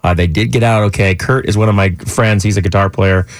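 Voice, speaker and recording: A young male radio host from California talks quickly in a slightly low voice, earnest and halting, with frequent restarts. The studio sound is dry and close, with no room around it. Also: steady tone, no echo. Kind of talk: casual radio talk. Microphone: studio microphone.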